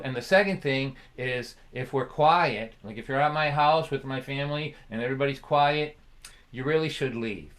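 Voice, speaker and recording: Bright-voiced storytelling man. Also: mid-range voice, normal speed. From Boston area. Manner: chatty, laughs often, does voices for family. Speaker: folk singer and storyteller. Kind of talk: live-streamed storytelling.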